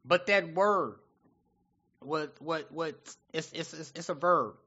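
A man preaching a sermon in an animated, conversational way, often acting out what people say. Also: on the high side, slow pace, lo-fi sound.

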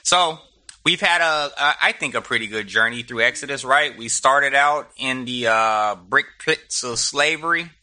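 A man's voice: mid-range voice, moderate pace, bright, forceful tone. A middle-aged man teaching a Bible study, retelling scripture with humor and slang.

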